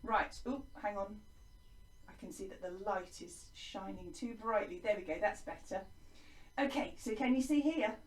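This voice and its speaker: A woman's voice: mid-range voice, moderate pace, echoey room, distant mic. A woman with an English accent teaching young children in an online lesson, in a sing-song, encouraging way that is exaggerated for small children. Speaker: primary school teacher.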